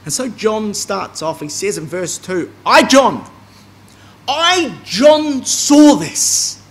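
Lively man giving a bible class. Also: high voice. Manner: lively, emphatic, with asides and restarts. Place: meeting hall.

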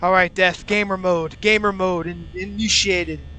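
A young man hosting a gaming channel commentates a horror game nervously, his high-sitting voice sharp but steady and unhurried. He keeps up a constant stream of muttering and swearing to deal with his fear while wearing a mask over his mouth, and a little hiss or hum is audible.

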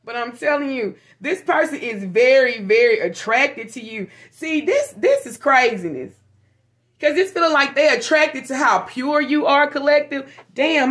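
A woman giving a casual, profane tarot reading to her viewers, frank and animated. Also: sits high, measured pace. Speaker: tarot reader.

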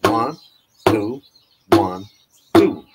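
A man with an Italian accent teaching an online drum lesson, loosely explaining with many "you know"s and counting beats out loud. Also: on the low side, drawn-out words, very noisy. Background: drum playing.

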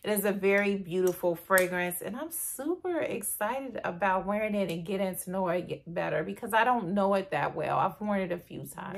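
A woman's voice: mid-range voice, moderate pace, creaky, hardly any pauses. A woman beauty vlogger chatting casually and gushingly to her viewers in a perfume review. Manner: gushing, chatty, addresses viewers as "you guys".

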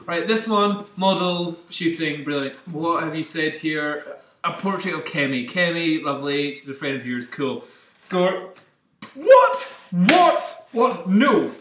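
A man's voice: fairly high pitch, normal speed, few pauses, pushed and bright. A Scottish man joking and teasing his co-host in casual banter over beer in a photo studio. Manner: joking, teasing, laughs often. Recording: echoey room, distant mic, faint noise.

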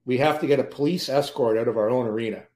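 Guy spinning hockey stories on a podcast, laughs as he goes, kinda echoey room, mid-pitch voice. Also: fast talker. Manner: lively anecdotes, laughs while telling stories. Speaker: podcast guest, former pro hockey player. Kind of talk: storytelling in a podcast interview. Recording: roomy echo.

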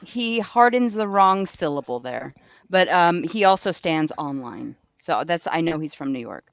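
A woman's voice: low voice, expressive, unhurried, creaky, dry recording, muffled recording. A woman co-hosting a casual live-stream chat, dry and teasing. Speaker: co-host.

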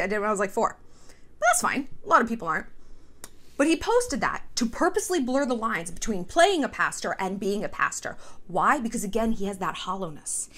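A woman hosting a casual commentary video, sarcastic and profane, tossing in quick mock voices. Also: medium pitch, fairly bright tone. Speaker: commentary host.

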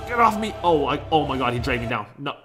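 Hyped man yelling at a mobile game. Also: medium pitch, big pitch swings, quick pace. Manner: hyped, yells at the game, jokey trash talk. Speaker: gaming YouTuber. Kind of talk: excitable gameplay commentary. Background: background music.

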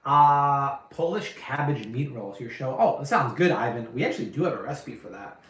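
A man's voice: medium pitch, very animated, a little fast, echoey room. A man hosting a live cooking stream, chatting casually and answering viewer questions with slangy, emphatic energy. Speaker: cooking show host.

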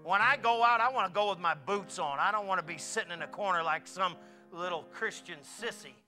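A middle-aged man preaching a folksy sermon, swinging from quiet asides to loud exclamations. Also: sits high, brisk, faint music behind. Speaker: pastor.

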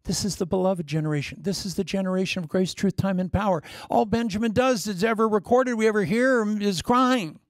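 A middle-aged man preaching a sermon, telling stories in an animated way. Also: high voice, a little fast, few pauses, no room sound, studio quality.

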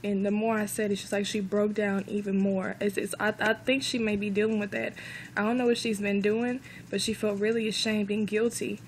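A woman's voice: mid-range voice, level tone, brisk, a little hiss or hum, low-quality recording. A woman earnestly telling a personal faith testimony, emotional and close to tears, often repeating herself. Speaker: vlogger.

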